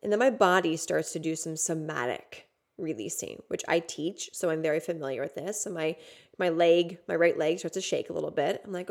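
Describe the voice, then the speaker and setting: Female podcast host, lowish voice, candid storyteller, swears and says "like" a lot. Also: a little fast, creaky. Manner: candid, swears freely, many fillers. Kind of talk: casual storytelling monologue.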